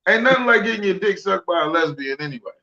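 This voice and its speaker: Joking podcast co-host man, high gravelly and bright voice, slightly dull recording. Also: animated, fast. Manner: crude, joking, rambling. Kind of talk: casual chat.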